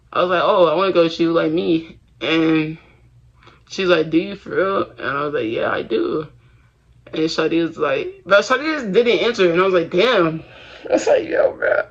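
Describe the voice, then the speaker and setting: A young vlogger with a fairly high, bright voice talks casually and confessionally to the camera. He rambles in slangy phrasing with restarts and fillers, and the recording has a dull lo-fi sound.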